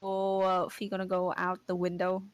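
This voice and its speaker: Woman, low-pitched player, hesitant and stumbling, casual. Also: monotone, normal speed, no echo, rough recording. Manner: hesitant, stumbling and repeating words. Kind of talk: casual tabletop play.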